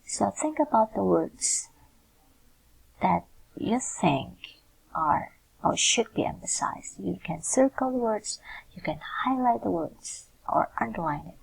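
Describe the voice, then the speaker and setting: A woman's voice: medium pitch, animated, slow, gravelly, slightly rough, rough recording. A woman lecturer, explaining a lesson in a recorded screencast and often checking in with "yeah". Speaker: university lecturer.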